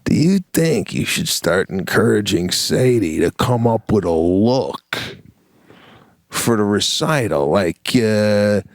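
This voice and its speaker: A man's voice: on the low side, expressive, takes it slowly, dry recording, studio quality. A middle-aged man co-hosting a podcast, telling stories animatedly with emphatic rhetorical questions. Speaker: podcast co-host. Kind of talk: casual comedic chat.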